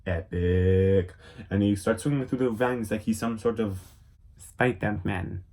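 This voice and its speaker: A young man with a lowish voice rattles through a cartoon recap in a goofy, rambling way. Dry deadpan asides sit between his bits of nonsense, and he keeps it casual and unpolished. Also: measured pace. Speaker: comedic recapper. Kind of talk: silly comedic episode summary with quick voice impressions.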